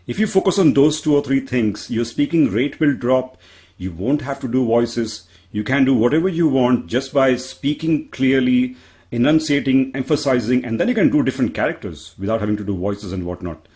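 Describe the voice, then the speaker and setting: Man, Indian accent, panel discussion, mid pitch, earnest, self-deprecating, restarts sentences. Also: animated, normal speed, a little mellow. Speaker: panelist, public speaker.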